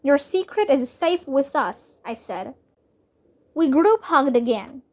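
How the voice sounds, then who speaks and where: A woman whose first language is Vietnamese reading a children's chapter book aloud in a clear, lively storytelling manner. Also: sits high, slow. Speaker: reader.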